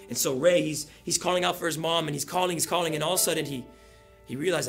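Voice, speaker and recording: Gravelly-voiced pastor preaching over soft music. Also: male voice, a little high, fairly even intonation, quick pace. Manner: storytelling, rising to loud emphatic peaks. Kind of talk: sermon.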